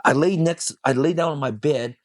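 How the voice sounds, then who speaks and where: A man's voice: on the high side, normal speed, no room sound. A man guesting on a podcast, telling an intense personal story with emphatic, profane speech. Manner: intense, emphatic, swears freely.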